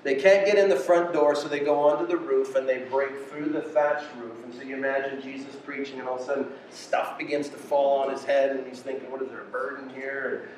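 A man preaching a sermon with passion, swinging between quiet and loud delivery. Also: mid-range voice, fairly even intonation, fairly quick, hardly any pauses, a little hiss or hum. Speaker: pastor. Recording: echoey room from far off.

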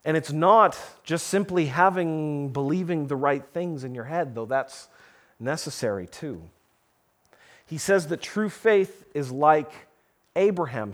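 A man preaching a sermon, reading scripture and explaining it earnestly, with slow emphatic pauses. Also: a little high. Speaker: pastor.

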